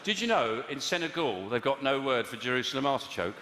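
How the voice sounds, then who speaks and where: A man doing improvised stand-up comedy from audience suggestions, mixing deadpan asides with sudden loud bursts. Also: mid-range voice, a little fast. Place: large theatre with audience. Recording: echoey live hall, loud noise.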